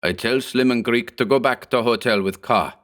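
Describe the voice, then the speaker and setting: A man's voice: medium pitch, normal speed, fairly bright tone, voice pushed up, natural voice. A man voicing a burly, superstitious immigrant thug who speaks broken English, in a horror audiobook. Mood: eager. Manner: broken English, whining and pleading. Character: burly hog-necked male immigrant thug, superstitious, fearful.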